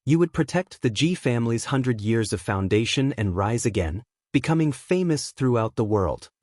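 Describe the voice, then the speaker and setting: A calm, measured clan elder speaks with quiet pride about his son, as a male audiobook narrator gives him a voice. The delivery stays steady and even. The sound is dry and close. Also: medium pitch, no room sound, close to an everyday voice. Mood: calm, gratified. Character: proud recovering father, clan elder, calm.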